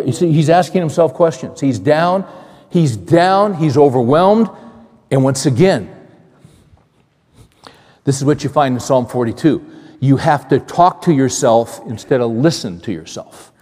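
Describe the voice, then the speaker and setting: A male pastor preaching a sermon in a conversational, animated way, repeating phrases and asking the congregation questions. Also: medium pitch, unhurried. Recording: long hall reverb.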